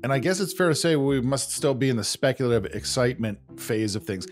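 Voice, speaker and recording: Male podcast host, relaxed and conversational, pokes fun at himself, studio mic, light music underneath. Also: medium pitch. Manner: self-deprecating, chatty, explanatory.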